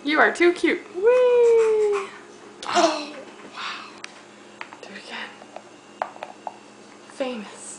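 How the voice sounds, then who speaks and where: A woman's voice: very high-pitched, very animated, very slow, long pauses, heavy background noise. A young woman cooing at her baby in sing-song baby talk while feeding him on a home video camera. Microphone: handheld camera mic.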